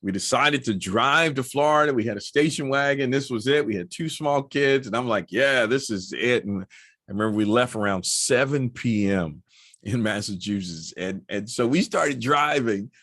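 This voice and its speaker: A man's voice: mid-range voice, animated, moderate pace, fairly bright tone. A middle-aged man talking casually to camera as a motorcycle vlogger, chatty and anecdotal with many asides.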